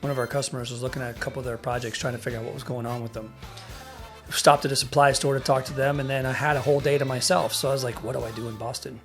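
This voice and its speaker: A man's voice: medium pitch, flat delivery, rapid-fire. Rambling Midwestern-born man, faint music. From American Midwest. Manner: rambling, self-correcting storyteller. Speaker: podcast co-host. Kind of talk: casual chat.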